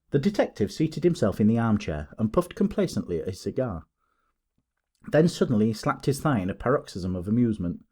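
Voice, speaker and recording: A male audiobook narrator reading a classic novel, with an expressive, animated delivery that rises and falls a lot. His reading is scripted and storylike. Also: medium pitch, brisk, slightly rough.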